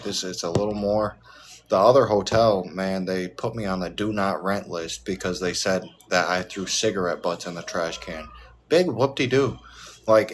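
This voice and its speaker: A man in his thirties with a low voice talks in a loose, rambling way, full of swearing and easy laughter. A faint hiss sits under his voice as he chats live from a hotel room. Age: 30s. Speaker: livestreamer. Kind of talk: casual profane live chat.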